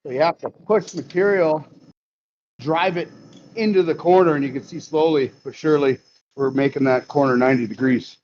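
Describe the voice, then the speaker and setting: A man with a slightly high, a little mellow voice hosts a live stream at normal speed, casually explaining his workshop work and cracking jokes as he goes. The sound is lo-fi with slight background noise.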